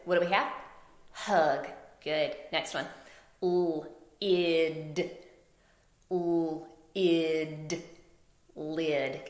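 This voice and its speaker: A woman teaching a phonics lesson to young children, slowly sounding out word parts and praising answers. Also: deep voice, roomy sound.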